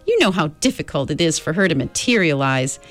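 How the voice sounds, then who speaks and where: A woman's voice: deep voice, sing-song, brisk, faint music behind. A woman voicing a cheerful, motherly old female being from the stars who reassures children. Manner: bright, coaxing, reassuring.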